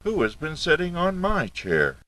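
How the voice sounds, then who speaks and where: A man's voice: fairly high pitch, wildly swooping pitch, normal speed, pushed and bright, voice pushed up, exaggerated voice. A man voicing a middling-sized motherly female bear in a storybook reading, asking in a raised, fussy way. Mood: indignant.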